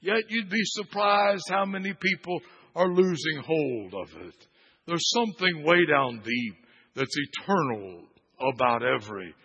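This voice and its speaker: A man preaches in a gravelly, husky voice, slow and forceful, leaning hard on repeated refrains and then dropping to a near hush. His voice is fairly high for a man. The sound is dull and rings with long church reverb. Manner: emphatic preaching that swings from loud exhortation to hushed, with repeated refrains. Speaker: pastor. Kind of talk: sermon. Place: church sanctuary.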